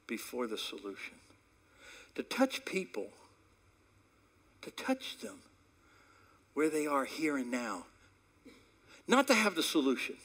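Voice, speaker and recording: A male pastor delivering a sermon with a somewhat high voice that rises and falls a lot. He talks in a conversational storytelling way, then jumps to loud peaks or drops to hushed asides.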